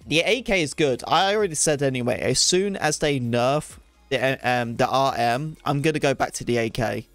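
A man talking loosely over his gameplay, rambling and poking fun at himself. His voice is mid-pitched and very dry and close. Faint game music plays behind him. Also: normal speed, hardly any pauses, dry recording. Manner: chatty, rambling, self-deprecating, excitable. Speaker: gaming streamer. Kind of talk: casual gameplay commentary.

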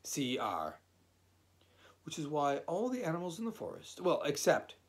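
A man reading a children's story aloud in a gentle, unhurried way. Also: fairly high pitch, very animated, creaky. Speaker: audiobook reader. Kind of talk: storybook narration.

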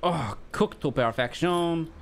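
A young man commentating his own gameplay live, joking, swearing and breaking into high panicked yelps. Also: takes it slowly, gravelly, heavy background noise. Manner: frantic, swings from mock-calm to high panicked yelps, swears a lot. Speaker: streamer.

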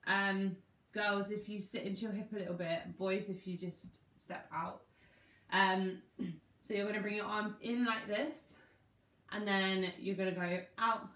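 Slow-talking woman dance teacher. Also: medium pitch, a bit bright. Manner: talks through each move, half-speaking the lyrics. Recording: echoey room.

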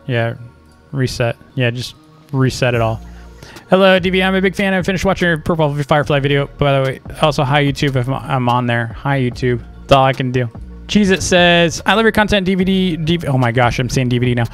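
A young man hosting a casual video, reading out fan messages and replying in a playful, animated way. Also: fairly quick, soft background music. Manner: playful, animated, reads messages aloud in a higher voice. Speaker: YouTuber host.

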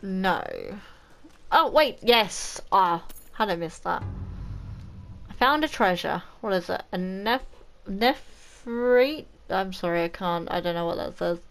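A woman, chatty and excitable, giving let's play commentary as a gaming channel host. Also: fairly low pitch, a little slow.

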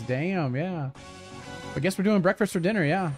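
A man's voice: a little high, fairly quick, soft background music. A man chatting casually with viewers during a game livestream, reacting to gameplay and reading chat aloud. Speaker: game streamer.

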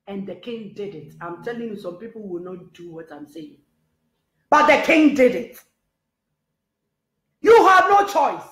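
A woman preaching a sermon, with passionate shouted calls to rise up. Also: a little high, sing-song, unhurried, long pauses. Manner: impassioned, shouting rallying calls. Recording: echoey hall.

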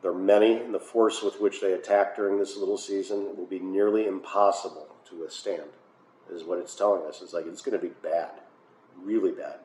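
An American pastor holds a conversational Bible study in a church hall, peppered with uhs and wry asides. His voice sits low, steady and a little mellow, a bit fast, and the echoey room carries faint noise.

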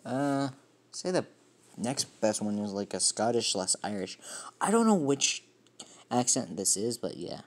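A man's voice: fairly low pitch, sing-song, a little slow. Rambling, self-deprecating young-sounding vlogger guy. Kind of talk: casual video monologue.

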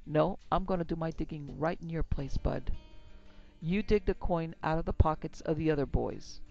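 A man's voice: fairly high pitch, moderate pace, creaky, warm tone, dull audio, soft background music. A man voicing a terse, tough gambler. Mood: cool. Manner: dry, terse and wary. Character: tough cool-headed male gambler.

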